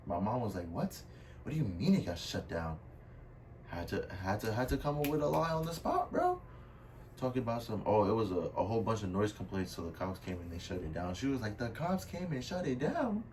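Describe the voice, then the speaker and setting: Recorded on a somewhat distant mic with faint room noise, this young storytime vlogger talks briskly in a fairly low, darkish voice that's very animated. His casual tale is packed with slang, and "bro" and "I was like" come up again and again.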